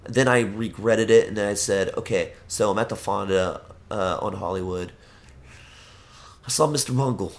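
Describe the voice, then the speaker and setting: A man's voice: fairly low pitch, normal speed. A young man in casual chat, telling stories with lots of swearing and acting out the voices of people in them.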